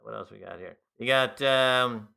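A man's voice: mid-range voice, normal speed, gravelly, bright, forceful tone, clean tone. A man co-hosting a talk radio show, giving wry, sardonic commentary on the news in casual studio chat. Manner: wry, sardonic, mocks with put-on voices.

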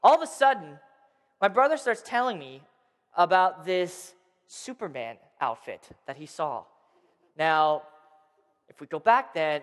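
A man in his thirties with a high voice, spinning a playful childhood story for a crowd and tossing questions at them. His voice rings through a large hall with a long, trailing reverb. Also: fairly bright tone. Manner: playful, addresses the crowd directly. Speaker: storyteller speaking to an audience. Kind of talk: animated personal storytelling.

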